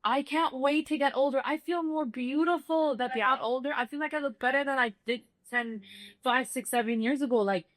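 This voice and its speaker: A woman's voice: fairly high pitch, no echo. A young woman from Dubai, a singer-songwriter guest, talking animatedly in a casual interview and repeating phrases for emphasis. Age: young adult.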